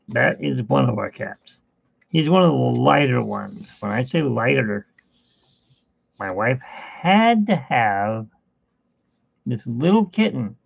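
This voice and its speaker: A man's voice: medium pitch, gravelly, dry recording, lo-fi sound. A man chatting casually during a home art livestream, rambling and talking fondly to his cat. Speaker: artist streaming a painting session. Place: home studio.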